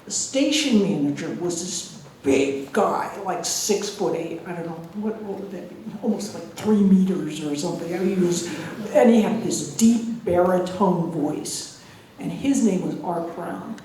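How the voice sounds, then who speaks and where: Mulher americana palestrando num salão ecoante. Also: female voice, fairly low pitch, unhurried, far from the mic, a little hiss or hum. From United States. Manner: lively storytelling, laughs at own jokes. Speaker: guest lecturer, engineering professor. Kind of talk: public lecture with anecdotes. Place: large lecture hall. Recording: echoey hall, voice from afar.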